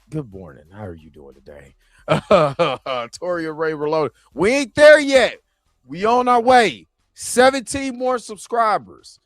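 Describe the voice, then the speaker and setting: A man with a fairly high voice hosts a casual live stream and talks straight to his chat. He is animated and loose. The sound is dry and close, with soft music under him. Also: no room sound.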